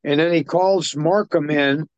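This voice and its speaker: A podcast co-host with a fairly high-pitched voice recaps a film's plot at an unhurried pace, rambling casually and using many fillers during a laid-back film discussion. There's no room sound, and the highs are cut off.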